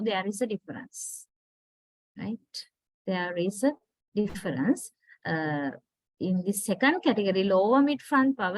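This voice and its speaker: A woman's voice: a little high, no room sound, rough recording. A Sri Lankan woman lecturing on English phonetics, explaining step by step with frequent tag questions and fillers. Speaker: university lecturer.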